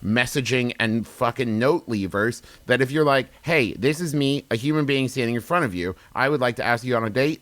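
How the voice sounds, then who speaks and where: A man's voice: medium pitch, fairly quick, few pauses, a bit bright, no room sound. A man co-hosting a comedy podcast, giving blunt, swearing advice in casual chat and acting out little quotes. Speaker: podcast co-host.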